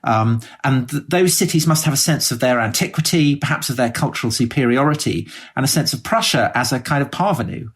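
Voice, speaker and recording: A man's voice: mid-range voice, animated, a little fast, hardly any pauses, slightly rough. A man co-hosting a history podcast who asks questions in a polite, hesitant way. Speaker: podcast co-host. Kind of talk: casual chat.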